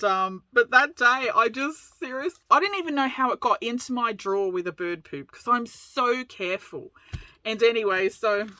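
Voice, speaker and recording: Chatty Australian woman crafter, bright forward voice, rambling and giggly, casual vlog talk. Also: medium pitch. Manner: rambling storyteller, laughs a lot. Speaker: crafting channel host.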